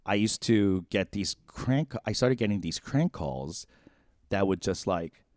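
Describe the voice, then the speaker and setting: A man's voice: low-pitched, measured pace, dry recording, studio quality. A man around forty co-hosting a podcast, telling a personal story in a rambling, casual way full of "like". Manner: rambling, heavy use of "like", animated, then quiet and shaken. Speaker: podcast co-host.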